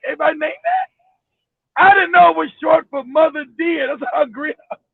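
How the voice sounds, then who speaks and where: A man's voice: extremely high pitch, fairly even intonation, fairly quick, vocal fry, no echo. A man from Los Angeles hosting a casual podcast chat, a profane storyteller who laughs as he talks, heard over a tinny phone-like line. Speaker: host.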